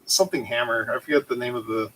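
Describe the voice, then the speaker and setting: A man casually telling a long, animated story full of fillers and restarts. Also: mid-range voice, fast talker, slight background noise, rough recording. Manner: animated, rambling anecdote with frequent fillers. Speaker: channel host.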